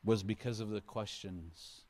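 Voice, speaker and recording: Male pastor, low-ish voice, earnest sermon delivery with swings in loudness. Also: fairly even intonation, measured pace. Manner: earnest preaching, voice rising and dropping for emphasis, acts out quotes.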